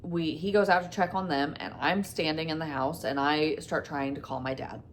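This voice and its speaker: Woman vlogger, low gravelly voice, chatty storytime, faint hiss behind. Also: fairly even intonation, normal speed. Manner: rambling, retelling dialogue with many fillers. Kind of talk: casual storytime.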